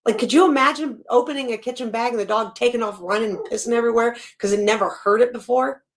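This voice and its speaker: Woman host reacting on a live stream, kinda high voice, blunt and animated, swears a lot. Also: quick pace. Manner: blunt and animated, swears freely, laughs between remarks. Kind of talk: casual reaction commentary.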